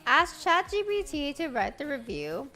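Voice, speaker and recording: A woman streamer chatting casually, telling stories in an animated, profane way. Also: sits high, measured pace, faint music behind. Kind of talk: casual livestream chat.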